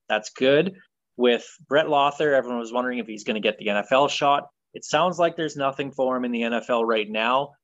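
A man leads a casual football talk segment, sliding between loose filler words and firm opinions. His voice sits at a middle pitch. The recording is close and dry, with a slightly dulled top end. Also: dry recording, highs cut off. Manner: relaxed, opinionated, many ums and uhs. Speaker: sports podcast host.

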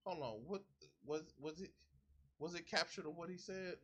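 A man tears into a clip in angry reaction commentary, swearing freely and mocking what he heard. His voice sits high and bright. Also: normal speed. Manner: profane, heated ranting with mocking impressions. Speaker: commentary streamer.

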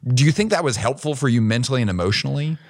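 A man hosting a podcast, asking long, probing questions in a relaxed way. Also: mid-range voice, racing. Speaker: podcast host. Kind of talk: casual podcast conversation.

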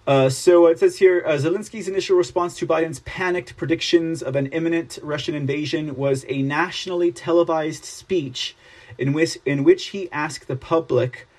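A man hosting a political news commentary show, reading articles aloud and mocking them in an animated, sarcastic manner. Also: on the high side, moderate pace.

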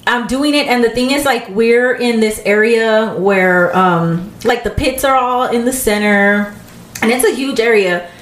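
A woman's voice: measured pace, echoey room. A woman casually telling a story on a podcast, acting out the people in it with a raised voice. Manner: animated storyteller, acts out quotes in higher voice. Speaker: podcast co-host.

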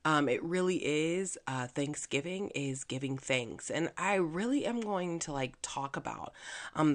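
A woman hosting her own podcast, talking alone in a chatty, upbeat way with plenty of fillers. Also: low voice. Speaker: podcast host. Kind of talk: casual solo podcast monologue.

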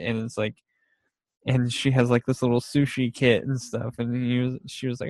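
A man's voice: mid-range voice, little pitch movement, moderate pace, a little mellow, dry recording. A young man chatting casually about favorite TV shows, rambling and laughing often as he acts out scenes.

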